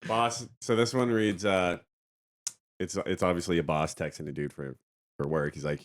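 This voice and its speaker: Low-voiced cussing podcast co-host man. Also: fairly even intonation, normal speed. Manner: swears casually, reads posts aloud. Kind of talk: casual chat.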